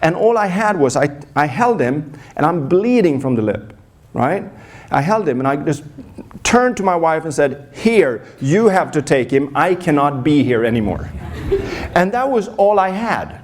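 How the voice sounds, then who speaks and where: A man who works as a performance coach, telling a personal story on a conference stage with lots of restarts and self-deprecating humor. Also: a little high. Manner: animated storyteller, acts out scenes, frequent restarts.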